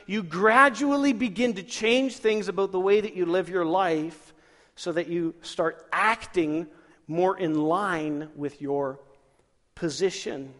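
A man preaching in a church sanctuary with a fairly high voice that carries a long hall reverb. He keeps it lively, throwing questions at the congregation and chuckling between points. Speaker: pastor. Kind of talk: sermon.

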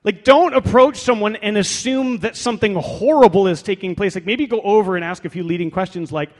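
A man's voice: sits high, fairly quick, hardly any pauses. A man pastor preaching a sermon in a conversational, wry way, reading scripture aloud in a church. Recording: long hall reverb.

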